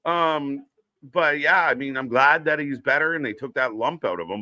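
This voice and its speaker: A man's voice: medium pitch, normal speed, pushed and bright, no room sound, lo-fi sound. A man co-hosting a live wrestling watch-along, chatting casually, swearing and reading out viewers' names. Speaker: co-host.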